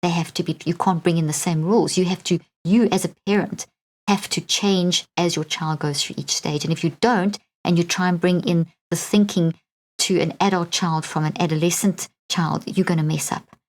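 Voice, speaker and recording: Speaking at normal speed with fairly even intonation, this podcast host has a low-ish, darkish voice. She's a middle-aged woman with a South African accent running a solo show, earnest and coaching, frequently asking "okay?".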